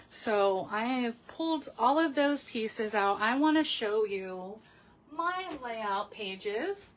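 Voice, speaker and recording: Chatty woman hosting a slow crafting video. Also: on the high side, animated, a little hiss or hum. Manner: chatty, emotional, frequent ums and restarts. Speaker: papercraft video host. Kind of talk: casual crafting tutorial.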